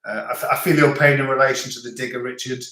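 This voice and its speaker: Male live-chat host, medium pitch, chatty and joking, echoey home room. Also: fairly even intonation, fast, sharp tone. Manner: chatty, rambling, joking, many restarts. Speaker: livestream host. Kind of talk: casual live chat reading viewer comments.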